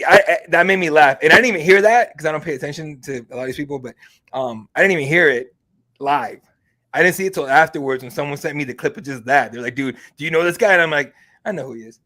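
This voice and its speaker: A man hosting an MMA podcast, telling a story in a casual, excitable and profane way. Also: on the high side. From Mexican heritage. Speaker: MMA podcast host and reporter.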